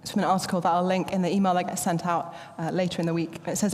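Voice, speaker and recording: A woman, preaching a sermon in a playful, animated storytelling manner. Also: fairly low pitch, very fast, hardly any pauses, long reverb tail, slight background noise. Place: church.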